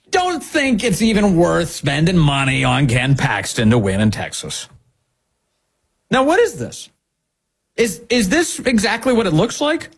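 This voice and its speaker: A man's voice: on the high side, husky. A man hosting a political commentary show, talking emphatically and sarcastically, firing off rhetorical questions.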